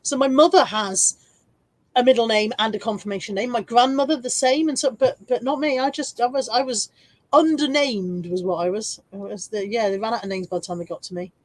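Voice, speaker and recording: A woman's voice: a little high, fairly even intonation, a little fast. A woman in her forties from England, chatting casually on a livestream, reading out viewer comments, self-mocking and laughing often. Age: 40s. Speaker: reseller livestream host.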